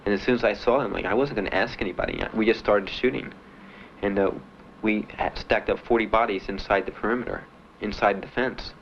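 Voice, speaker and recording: A man being interviewed about his time in the service, telling his story in a halting, plainspoken way with many fillers. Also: on the low side, fairly even intonation. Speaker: veteran interviewee. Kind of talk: documentary interview. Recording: dull archival recording with faint hiss.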